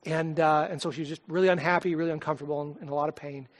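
A man preaching a sermon, telling a personal story in an earnest, heartfelt way and often dropping to a soft, quiet voice. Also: fairly high pitch, steady tone, racing. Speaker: pastor.

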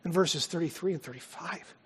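Husky high-voiced male pastor preaching. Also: brisk. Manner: emphatic preaching, swinging from loud to hushed. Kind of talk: sermon. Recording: long hall reverb.

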